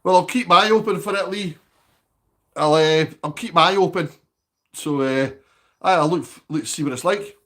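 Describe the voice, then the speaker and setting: A man's voice: on the high side, moderate pace, pauses often, fairly bright tone. A Scottish man chatting casually on a live stream from his home, reading out viewer comments and asking for likes.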